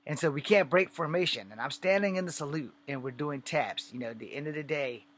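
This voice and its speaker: A man's voice: on the high side, a little fast, fairly bright tone, a little hiss or hum. Blunt, profane man ranting to camera. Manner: conversational, acts out the scene. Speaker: vlogger. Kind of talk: casual rant and storytelling to camera.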